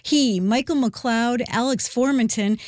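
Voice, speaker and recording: A woman reporter reading a scripted news report in a measured, even way. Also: a little high, no echo. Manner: measured, even newsreader delivery.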